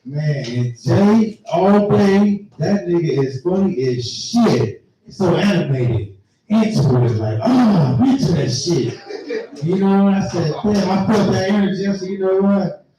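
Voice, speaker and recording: A man's voice: high voice, expressive, unhurried, dark tone, distant mic, lo-fi sound. A man telling a laid-back, rambling, raunchy stand-up story on a comedy venue stage. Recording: echoey live room, mic from afar.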